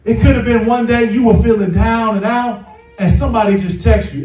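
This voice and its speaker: High-voiced male pastor in a roomy hall. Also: fairly quick, distant mic. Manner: animated, chuckling storyteller who acts out dialogue. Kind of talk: sermon with personal storytelling. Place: church sanctuary.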